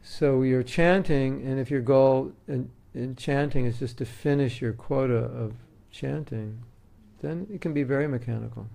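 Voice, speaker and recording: A man's voice: medium pitch, normal speed, vocal fry, hardly any pauses, warm tone. A man giving a devotional talk to an audience as a spiritual teacher, in a conversational, joking way with homely examples.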